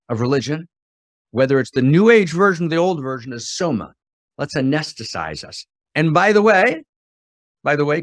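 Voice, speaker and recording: A middle-aged man giving an impassioned spiritual talk. He drops to a hush, then rises to fiery outbursts full of rhetorical questions and repetition. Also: mid-range voice, no room sound, clean studio sound. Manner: swings from hushed to fiery and exclamatory. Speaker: spiritual teacher.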